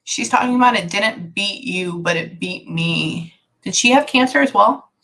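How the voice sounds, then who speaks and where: Woman medium, bright edge, stop-start delivery, keeps cutting herself off. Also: medium pitch. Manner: halting, animated, many self-interruptions. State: tearful at times. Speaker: psychic medium. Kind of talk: channeling session.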